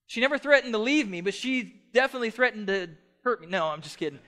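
Preaching fast and animatedly, this middle-aged pastor has a high-set voice. His passionate sermon moves back and forth between booming emphasis and quiet softness.

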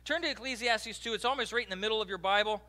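Male pastor, high voice and very bright, chatty sermon with jokes aimed at the congregation. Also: racing. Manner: joking, animated, talks directly to the congregation. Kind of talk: conversational sermon. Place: church.

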